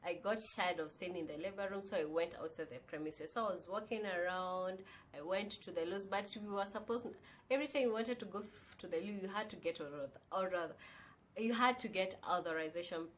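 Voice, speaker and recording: A woman's voice: lowish voice, normal speed, fairly bright tone, a little hiss or hum. A young woman, casually and candidly telling a personal story on her vlog, now and then slipping in Swahili phrases. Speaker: vlogger.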